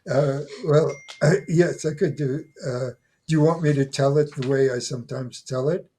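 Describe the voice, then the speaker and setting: A man in his eighties, a guest on an interview podcast, speaking haltingly and often repeating words as he restarts his sentences. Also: mid-range voice, steady tone, mellow, breathy edge. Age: 80s. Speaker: guest, folklore scholar. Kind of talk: conversational interview.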